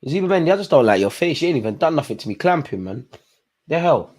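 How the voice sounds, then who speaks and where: A lively man commentating a football match live from home, his voice swinging wildly from low grumbles to yelps. He talks in a slightly raised register, swears often and shouts at the players and referee in heavy street slang. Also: fast talker. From England. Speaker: football watchalong host.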